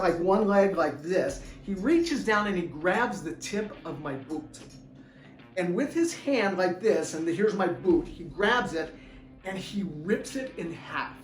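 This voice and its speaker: A middle-aged man, an author and former deputy, telling a personal story in an animated, chuckling way. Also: high voice, a little slow. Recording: roomy room, distant mic, faint music.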